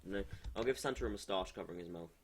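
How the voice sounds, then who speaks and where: A man's voice: low voice, fast talker, husky. A man streaming live as a game developer, thinking aloud in a hesitant, muttering way and correcting himself as he draws pixel art at his computer.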